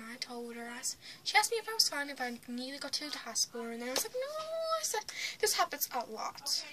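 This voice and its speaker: Bright-voiced young woman telling a story. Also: a little high, a little hiss or hum. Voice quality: often drops to a whisper. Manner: blunt, retelling with swings in loudness. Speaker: vlogger. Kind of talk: casual storytelling to camera.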